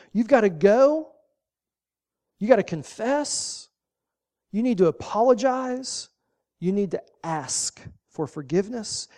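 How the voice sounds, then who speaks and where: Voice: medium pitch, dark tone. A pastor preaching a sermon, folksy and emphatic, driving points home with short repeated commands.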